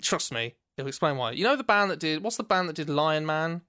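A man's voice: fairly high pitch, animated, a little fast, pushed and bright, smooth, no room sound, clean studio sound. A British man co-hosting a podcast, rambling enthusiastically about music in casual chat. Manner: rambling, enthusiastic, laughs often. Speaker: podcast co-host.

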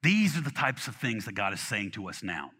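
A pastor preaches briskly in a slightly rough voice, his pitch swinging lively and his tone bright and forceful. Animated and conversational, he restarts phrases, repeats words and throws in acted asides. The sound rings through a large hall with long reverb, and he sometimes drifts off-mic.

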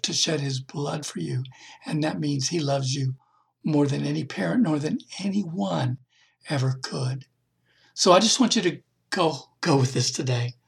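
Gravelly, very husky man preaching. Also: a little high. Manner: heartfelt, emphatic storytelling. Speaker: podcast speaker. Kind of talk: devotional testimony and preaching.

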